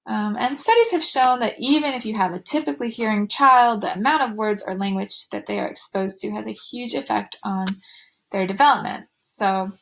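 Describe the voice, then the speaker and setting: A woman's voice: mid-range voice, moderate pace, vocal fry, a bit bright. A woman teaching a recorded slide lecture, with fillers and restarts, going sing-song when she models talk to children.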